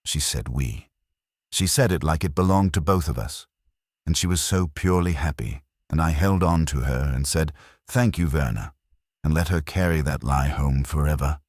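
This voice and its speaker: Very deep-voiced man, somber horror narration. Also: darkish tone, dry recording, clean studio sound. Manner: measured, somber, confessional. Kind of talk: first-person horror story narration.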